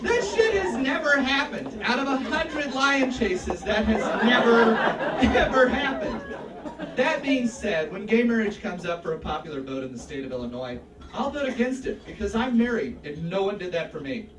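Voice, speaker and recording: A male stand-up comic with a high, lively voice works the room with playful sarcasm. The sound is roomy and a bit distant from the mic. A loud audience is heard throughout. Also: moderate pace, a loud crowd, heavy background noise. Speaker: stand-up comedian. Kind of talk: live stand-up comedy. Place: comedy club stage.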